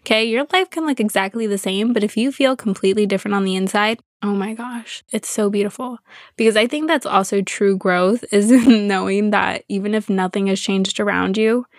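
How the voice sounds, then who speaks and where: A woman's voice: medium pitch, moderate pace, no echo. Young woman, podcast host, earnest, emotional, repeats words for emphasis, dry close mic. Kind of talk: reflective solo podcast monologue.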